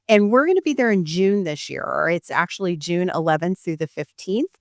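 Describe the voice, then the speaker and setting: A woman's voice: fairly low pitch, animated, a little fast, no echo, studio quality. A middle-aged woman with a Missouri accent hosting a podcast, talking in a chatty, rambling way and laughing easily. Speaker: podcast host and photographer. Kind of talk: casual podcast chat.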